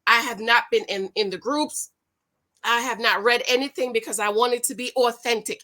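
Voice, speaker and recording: Casting: woman, New York accent, bright, high-ish voice, animated vlogger chatting to camera. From Northeast United States. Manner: animated, lively, playful asides to viewers. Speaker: vlogger reviewing a dating show. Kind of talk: casual chat to camera.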